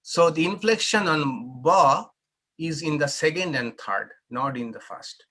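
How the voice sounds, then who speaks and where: A man's voice: fairly high pitch, animated, unhurried, bright, forceful tone. A man, a monk, teaching a scripture class in a patient, explanatory way and inviting questions and corrections. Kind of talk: unhurried scripture class talk with Q&A.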